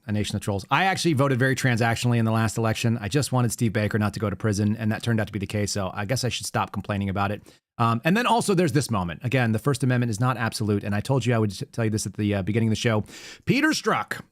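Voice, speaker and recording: A man in his thirties hosting a political commentary show, sarcastic and animated as he tells stories and reacts to news clips. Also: on the low side. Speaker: podcast host.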